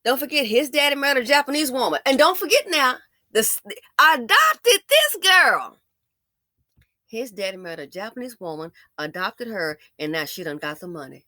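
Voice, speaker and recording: A woman in giving blunt, preachy commentary straight to her audience. Her voice is bright and sits a little high, and her pitch swings widely as she pushes her points. The recording is close and dry, and she trips over restarts whenever the heat rises. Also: big pitch swings, normal speed, no echo. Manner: blunt, preachy, frequent restarts and stammers when heated. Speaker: commentary channel host. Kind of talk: impassioned commentary monologue.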